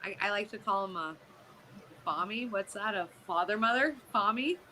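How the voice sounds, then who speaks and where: A woman's voice: medium pitch, normal speed, rough recording. Chatty woman over crowd noise. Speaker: podcast guest. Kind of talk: casual chat.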